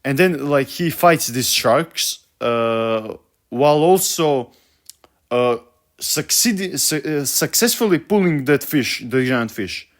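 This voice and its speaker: A man's voice: mid-range voice, animated, takes it slowly. A young man ranting about a book he hates, profane and exasperated, stumbling over his words with many fillers. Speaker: vlogger.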